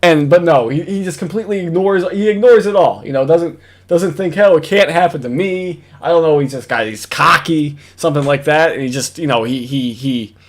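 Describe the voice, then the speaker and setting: A man's voice: on the high side, brisk. A young man hosting a casual reaction commentary from home, mocking and profane, rambling with lots of fillers and laughs. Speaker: commentary host. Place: home recording setup. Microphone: wired headphones with computer mic.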